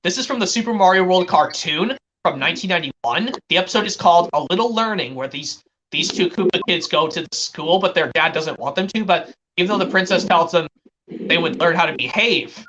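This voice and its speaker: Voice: mid-range voice, lively intonation, brisk, fairly bright tone, dull audio, slight background noise. A stream host talking casually and rambling, with frequent restarts. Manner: chatty, rambling, restarts often. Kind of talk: casual chat on a live stream.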